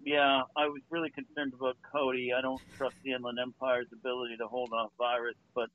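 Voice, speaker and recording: Guy picking up a phone call, deadpan jokes, muffled phone sound. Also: medium pitch, fairly quick, a little hiss or hum. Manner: dry, offhand joking. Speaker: phone guest.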